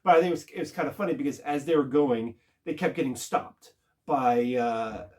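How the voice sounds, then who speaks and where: A man casually recapping a TV episode, rambling and halting with lots of filler words. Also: medium pitch. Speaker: TV show reviewer.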